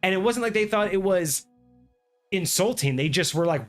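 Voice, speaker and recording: A man on a gaming talk stream vents about a past player. He talks in an animated, exasperated way and swears freely. His voice sits fairly high for a man, and faint music plays underneath. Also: brisk. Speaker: podcast host. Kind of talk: casual chat.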